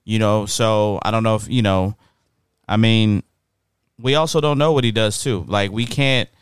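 Low, clear man in a dry room. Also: steady tone, moderate pace, no echo. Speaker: podcast co-host. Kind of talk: casual chat.

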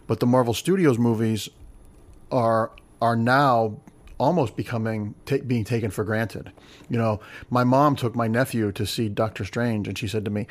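An opinionated man talks about films in casual chat. His voice sits in a middle pitch, and he grows animated and mocking as he argues. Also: moderate pace. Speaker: film discussion panelist.

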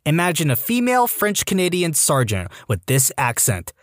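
A male narrator reads online stories in a scripted but animated way, dipping into quick character voices. His voice sits a bit high and moves a lot. The sound is dry and close, with no room around it. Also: no echo. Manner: lively reading with voiced character quotes. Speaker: story narrator.

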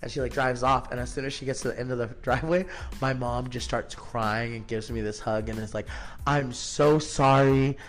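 A man in his thirties, a podcast guest telling a personal story in a casual, animated way, filling his talk with "like" and acting out what others said. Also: medium pitch, brisk, soft background music. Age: 30s. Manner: animated, acts out quoted people, frequent "like" fillers.

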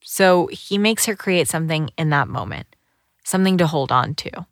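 A woman giving scripted documentary narration in a calm, measured storytelling manner. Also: low-pitched, no room sound, clean studio sound.

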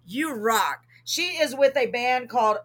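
A woman's voice: on the high side, animated, unhurried, a bit bright. A middle-aged woman from Texas, hosting a live chat show, bubbly and jokey with frequent laughs. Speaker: show host.

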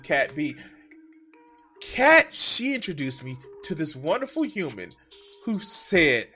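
A high, bright male voice that swings wildly up and down as he reacts on stream. He swears freely and gets worked up in an excitable, giggly way. Faint music sits underneath. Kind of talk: profane live-stream reaction commentary.

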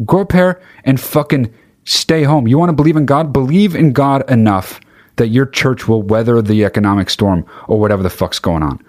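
A man's voice: mid-range voice, normal speed, darkish tone. A male podcast host in a casual, exasperated rant, swearing constantly.

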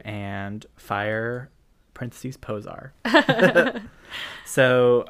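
A podcast co-host talking through film trivia in a loose, rambling way. Often stumbles and laughs between phrases. The voice sits at an ordinary middle pitch. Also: big pitch swings, takes it slowly, a bit bright. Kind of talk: casual chat about film.

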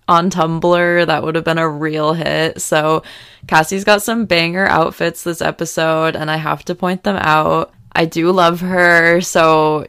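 A young woman hosting a podcast, recapping a TV episode in frank, casual chat full of "like" and raising her voice when excited. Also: deep voice, creaky, clear, resonant tone, dry recording, clean studio sound. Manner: chatty, frank, lots of "like" fillers; gets loud when excited. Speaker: podcast host recapping a TV series.

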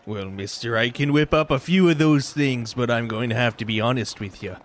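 A man voicing a gruff, folksy male market vendor in a tabletop game, speaking in old-fashioned dialect with hesitant stammers. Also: medium pitch, brisk, slight background noise, natural voice. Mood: haggling.

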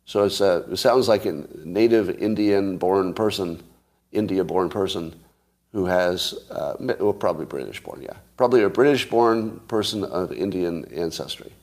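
A man with a fairly low voice chats casually as a show host. He rambles from one idea to the next and throws in jokes. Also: normal speed, a little mellow. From California. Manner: rambling, musing, joking. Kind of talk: casual chat with listeners.

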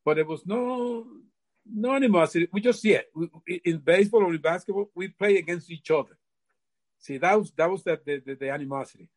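Older man, halting, repeats himself. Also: high voice. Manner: halting, repeats words often. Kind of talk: casual storytelling.

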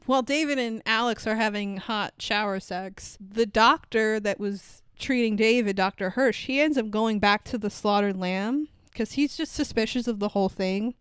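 A woman's voice: medium pitch, moderate pace, few pauses, clean tone, dry recording. A woman co-hosting a podcast, chatting casually about a film, swearing freely and laughing often. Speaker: podcast co-host. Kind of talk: casual chat, film review.

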